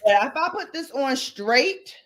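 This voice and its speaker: A woman hosting a live chat, talking in a slangy, animated way and laughing often. Her voice sits a bit high and swings widely in pitch. She takes her time, speaking at an unhurried pace. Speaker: livestream host. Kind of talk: casual live chat and rant.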